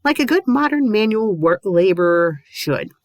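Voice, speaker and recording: A woman reading a fan story aloud with mocking, deadpan asides. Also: mid-range voice, moderate pace, no echo. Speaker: fanfiction reviewer. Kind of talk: sarcastic dramatic reading with commentary.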